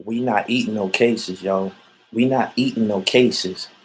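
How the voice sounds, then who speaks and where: A man's voice: on the low side, fairly even intonation, a little slow, rough recording. A man from Erie, ranting bluntly and profanely in a livestream while reacting to viewer comments. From Erie, Pennsylvania. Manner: blunt, repetitive, profane street talk. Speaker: vlogger reading viewer comments.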